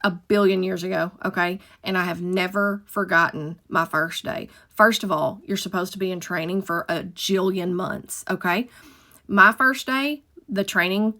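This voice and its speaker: A woman's voice: fairly low pitch, steady tone, moderate pace, pushed and bright. A middle-aged woman telling a story about her old dispatch job in a profane, emphatic, dramatic way. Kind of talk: casual storytime monologue.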